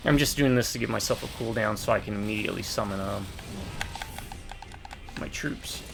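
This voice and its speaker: A man chatting casually with a friend while they play a co-op game, jokey and excitable, with sudden shouts. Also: lowish voice, normal speed, gravelly, over music. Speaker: co-host gamer. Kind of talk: casual co-op gaming chat.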